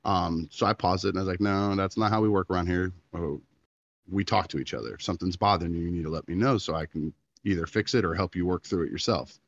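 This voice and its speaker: Deep-voiced man telling a story. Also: quick pace, no echo, muffled recording. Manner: animated storyteller, acting out quotes. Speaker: podcast co-host. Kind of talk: casual chat.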